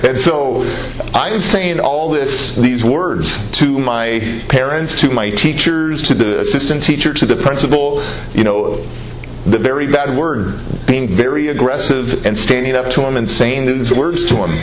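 Guy telling his life story on stage, earnest, lots of repeats, echoey room. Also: mid-range voice. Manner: earnest storytelling with dramatic pauses and repetition. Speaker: public speaker. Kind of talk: personal testimony speech. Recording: roomy hall, faint noise.

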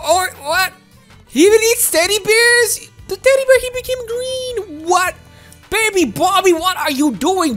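A woman giving excitable, exclaiming commentary while playing a video game, with faint game music behind her. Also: very high-pitched. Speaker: gaming video host.

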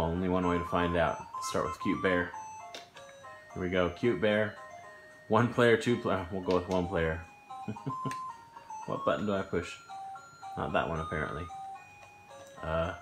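A man giving casual let's-play commentary at home, thinking aloud and getting puzzled and excited over a game. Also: on the low side. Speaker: gameplay commentator. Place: home living room, on a sofa. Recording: echoey room with game music behind.

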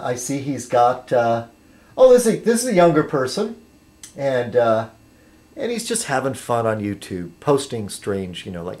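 A man vlogging casually to his subscribers, rambling and halting, with many fillers and restarts as he sips a beer. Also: mid-range voice, a little mellow. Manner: chatty while sipping beer.

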